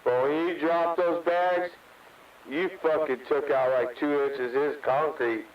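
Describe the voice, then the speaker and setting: A man's voice: a little high, fairly even intonation, a little slow. A man joining crude, profane banter on a CB radio channel in a laid-back way. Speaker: CB radio caller. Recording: distant muffled radio with hiss.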